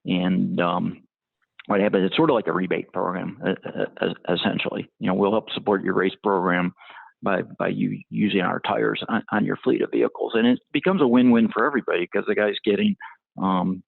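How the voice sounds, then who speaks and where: Gravelly man on a tinny call. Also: sits low, fairly even intonation, fairly quick, dry recording. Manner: hesitant, many ums and restarts. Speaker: tire brand motorsport marketing guest. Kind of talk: interview answers, businesslike. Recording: tinny phone-like line, dry.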